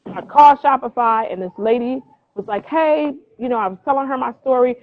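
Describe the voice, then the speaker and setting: Lively woman telling her story over a phone line. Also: a little high, fast. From New Jersey. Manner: lively, acts out quoted voices, motivational. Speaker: guest, clothing brand founder. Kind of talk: animated storytelling in an interview. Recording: tinny phone-line sound.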